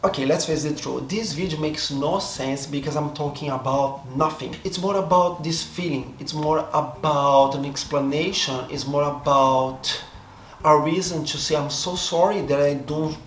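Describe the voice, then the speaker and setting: A Brazilian vlogger, a native Portuguese speaker with a Brazilian accent, sits before a camera giving a casual monologue. His fairly high, fairly bright voice moves at normal speed, reflective and hesitant, often stopping to restart and rethink his words. The room is echoey, with faint background noise.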